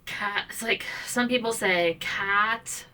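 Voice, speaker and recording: Brief: woman from Ohio, comedy interview host, deadpan and halting, bright tone, slightly low pitch. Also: far from the mic, rough recording. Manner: halting, deadpan, many fillers. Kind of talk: awkward comedic chat.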